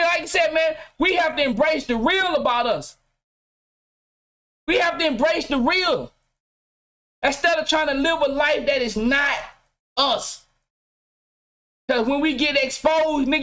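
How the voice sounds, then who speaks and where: Middle-aged man, high voice, blunt preachy vlog rant from his home game room, swears a lot. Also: bright, forceful tone. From Mississippi. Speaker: vlogger. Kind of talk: casual profane rant to camera.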